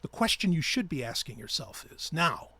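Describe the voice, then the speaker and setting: A man's voice: fairly high pitch, very animated, normal speed, sharp tone, dry recording. A man hosting his own podcast, ranting in a heated, profane and sarcastic way. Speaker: podcast host. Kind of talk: ranting solo podcast talk.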